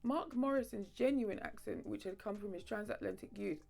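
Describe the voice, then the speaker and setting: A woman hosting a video essay, moving between lively playful asides and steady narration. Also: mid-range voice, fairly quick, gravelly, soft background music. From London, England.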